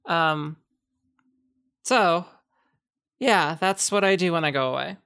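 A woman's voice: fairly low pitch, lively intonation, slow, a bit bright, clean tone, full character voice. A woman voicing a weary, sighing male goblin merchant who hesitates often as she speaks. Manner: sighing, hesitant, full of ums.

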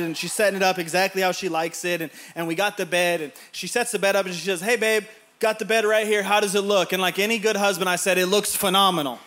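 A man in his thirties preaching a sermon, telling a family story with laughs, then building to shouted emphasis. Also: high voice. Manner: laughs through his own anecdotes.

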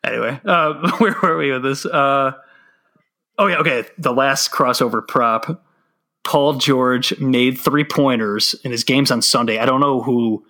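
A bright, forward male voice chatting loosely on a sports betting podcast. He swears often, drops in quick asides and keeps things casual. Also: mid-range voice. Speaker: podcast host.

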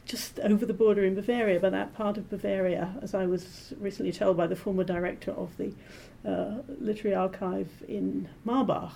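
Mellow, gravelly-voiced woman translator. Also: medium pitch, a little hiss or hum. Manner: measured, explanatory, with many ums. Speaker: literary translator, interview guest. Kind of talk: thoughtful academic conversation.

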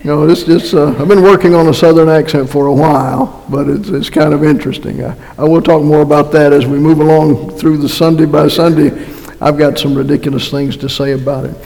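A man's voice: fairly high pitch, steady tone, a little fast, gravelly, darkish tone. A man preaching a conversational sermon with a Massachusetts accent, folksy and joking, with frequent restarts. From North Carolina. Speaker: pastor. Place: church sanctuary. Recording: long reverb of a church hall.

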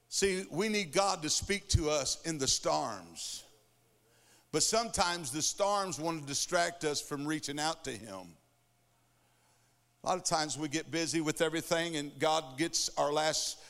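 A man's voice: on the high side, fairly bright tone, clear, resonant tone, big-room sound. A man preaching a sermon in a church, emphatic and rhythmic with repeated phrases. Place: church sanctuary.

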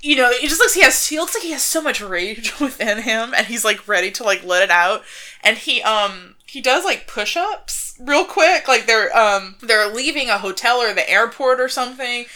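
A woman's voice: a little high, lively intonation, normal speed, pushed and bright. A woman co-hosting a podcast, chatting about movies, swearing casually and laughing a lot. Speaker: podcast co-host.

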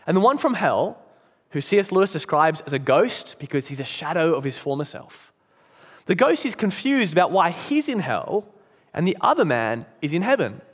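Earnest preacher with a lively voice. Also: male voice, normal speed, slightly rough. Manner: earnest, emphatic, drops low and soft at key points. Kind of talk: sermon. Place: church. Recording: long church reverb.

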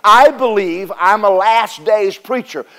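Male preacher, high pitch, animated sermon delivery with call-and-response. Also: takes it slowly, clear, resonant tone. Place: church service with congregation responding.

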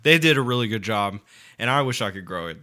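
A man's voice: lowish voice, expressive, fast talker, pushed and bright. A young man co-hosting a casual podcast, telling rambling, profane stories and laughing through them. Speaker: podcast co-host.

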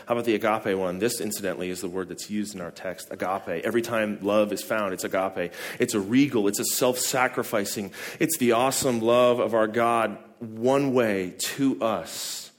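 A man's voice: lowish voice, normal speed, hardly any pauses. A man preaching a sermon as a pastor, talking to the congregation in a conversational way, asking questions and acting out short quoted lines.

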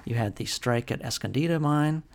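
Gravelly man talking market commentary. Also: mid-range voice, moderate pace. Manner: conversational with frequent fillers and restarts. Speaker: podcast host.

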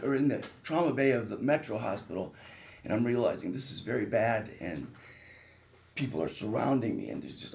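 A man's voice: mid-range voice, vocal fry, a little mellow. A man, a surgeon, telling a guest on a radio talk show the personal story of a grave injury, earnest and vivid. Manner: earnest, vivid retelling with rising intensity at peak moments.

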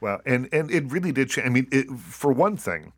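A man's voice: mid-range voice, big pitch swings, normal speed, fairly bright tone, dry recording. A man hosting a studio interview, upbeat and enthusiastic as he introduces his guest. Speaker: radio talk show host. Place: radio studio.

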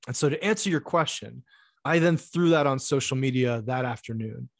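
Middle-aged man, interview guest, casual storytelling, animated, profane, acts out quotes, dry close sound. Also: mid-range voice, normal speed, vocal fry, no echo.

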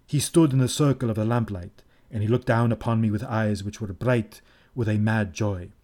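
A man narrating a first-person tale in a measured, solemn audiobook reading. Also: on the low side, dark tone.

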